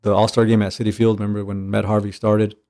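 A catching coach and trainer with a lowish voice talks fast on a podcast in a casual chat. He's an animated storyteller who acts out dialogue with gusto and swears easily.

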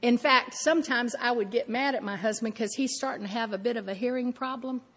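A woman's voice: fairly high pitch, fairly quick, fairly bright tone, in a large hall. A woman preaching a sermon, telling stories animatedly and acting out her own thoughts.

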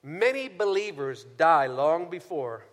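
A man preaching a sermon as pastor, swinging from soft, low passages to shouted exhortation. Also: sing-song, takes it slowly. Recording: long hall reverb.

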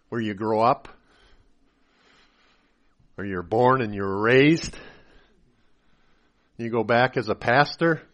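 A man preaching a sermon as a pastor, swinging between loud emphatic lines and quiet confessional asides, acting out the people he quotes. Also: medium pitch. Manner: acts out voices of people he quotes.

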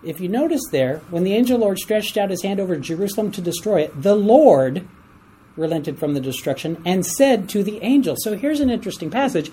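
A Bible study teacher running an interactive class in a room, animated and quick to chuckle, with a mellow, darker tone and a light hum of background noise underneath. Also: mid-range voice, poor audio. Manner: animated, asks the class for readers, chuckles at stories.

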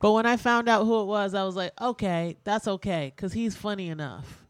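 A woman hosting a radio show, talking loosely and candidly with lots of "like" and frequent swearing. Her voice sits at an ordinary pitch for a woman. The studio sound is dry and close, with no room around it. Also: brisk, dry recording. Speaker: radio host. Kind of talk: casual radio chat.

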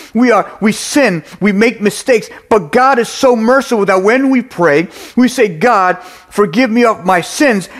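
A middle-aged man preaching a sermon, earnest and repetitive, with restarts and fillers. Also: sits high.

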